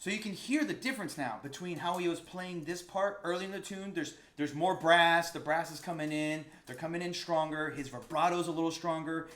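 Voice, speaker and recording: Excitable man breaking down a recording. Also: on the high side, reverberant, a little hiss or hum. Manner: enthusiastic, searching for words, many restarts. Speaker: saxophone teacher. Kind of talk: casual music lesson breakdown.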